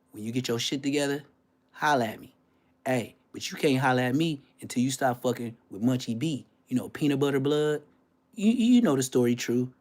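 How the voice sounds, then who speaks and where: A man hosting a livestream, telling stories in a brash, profane way, dropping to hushed asides and then bursting out loudly. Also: mid-range voice. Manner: brash, profane, swings between hushed asides and loud outbursts; storytelling with boasts and street slang. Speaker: livestream host. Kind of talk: casual profane livestream rant.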